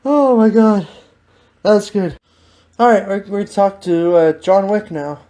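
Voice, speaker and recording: A woman's voice: medium pitch, unhurried, mellow. A woman hosting a podcast, teasing and giggling through a casual improvised chat. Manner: giggly, teasing, laughs often. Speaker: podcast host.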